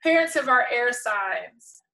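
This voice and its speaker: A woman giving a casual tarot reading, playful and exasperated, laughing often and swinging between soft mutters and loud outbursts. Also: on the high side, expressive, slow, gravelly, low-quality recording. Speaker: tarot reader.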